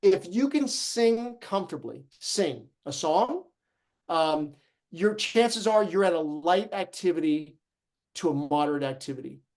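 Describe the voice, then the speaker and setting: A man with a notably high voice leads an online fitness class. He explains exercises in an energetic, encouraging way and talks straight to his group. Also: a little slow. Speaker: fitness instructor.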